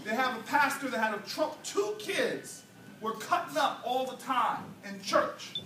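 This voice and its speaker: Animated yet measured in pace, a man with a very high, pushed and bright voice delivers a rousing, preacherly political speech, spinning playful stories and exchanging call and response with a crowd. The church hall sounds echoey through the distant mic, with slight background noise.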